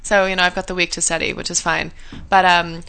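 A young woman co-hosting a radio talk show, telling stories in a giggly, animated way. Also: fairly low pitch, fairly quick, clear, resonant tone. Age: young adult. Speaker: radio co-host. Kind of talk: casual radio chat.

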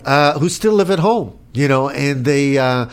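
A man's voice: mid-range voice, animated, measured pace, smooth. A middle-aged man hosting a studio talk show, rambling and friendly with many fillers. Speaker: radio talk show host. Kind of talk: casual studio chat.

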